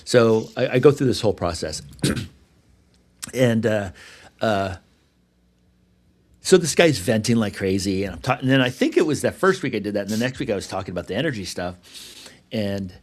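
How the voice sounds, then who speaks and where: A man with a deep, low-pitched voice co-hosts a podcast, telling a story in loose, casual talk. He rambles, restarts his sentences and acts out what other people said, dropping the odd swear word along the way. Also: moderate pace, pauses often. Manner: rambling, animated retelling with restarts and acted-out quotes. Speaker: podcast co-host.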